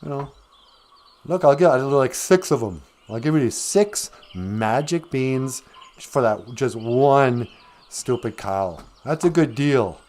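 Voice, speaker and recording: A man voicing a sly male goblin who lives under a bridge, smooth-talking like a salesman. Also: mid-range voice, expressive, slow, darkish tone.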